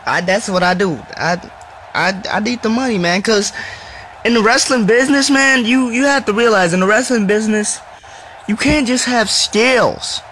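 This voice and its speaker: A man's voice: sits high, fairly bright tone, a little hiss or hum, heavily acted, poor audio. A man playing a cocky male heel wrestler who delivers a profane, confrontational promo. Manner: profane, confrontational trash talk.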